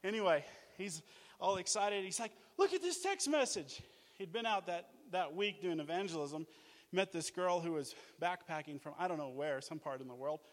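A man from Australia preaching a sermon, energetic and jokey, telling stories and acting out what people said. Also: fairly high pitch, normal speed, long reverb tail. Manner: energetic, animated, jokey, acts out quotes. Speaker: guest preacher, mission leader. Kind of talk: sermon with storytelling. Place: church.

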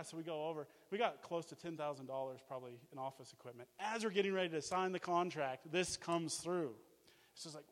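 A middle-aged man tells a preaching testimony as a missions base director, animated and full of exclamations. His voice sits a little on the high side. The sound carries a long reverb from a church hall. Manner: animated storytelling with laughs and exclamations.

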